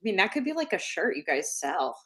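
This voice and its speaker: A woman co-hosting a casual live-stream chat, chatty and thinking out loud. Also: mid-range voice, big pitch swings, brisk. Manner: chatty, searches for words aloud, uses fillers. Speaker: co-host.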